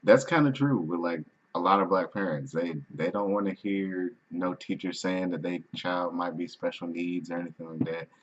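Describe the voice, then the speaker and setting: A man's voice: deep voice, steady tone, moderate pace, few pauses, dull audio. A man hosting a reaction video, talking in a laid-back, casual way with some restarts. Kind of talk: casual chat.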